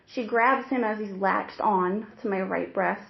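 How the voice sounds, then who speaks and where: A young woman, a new mother, recounting a distressing personal experience in a halting, earnest way with frequent restarts. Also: medium pitch, creaky. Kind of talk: emotional personal account. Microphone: hidden recorder. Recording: roomy, dull lo-fi secret recording.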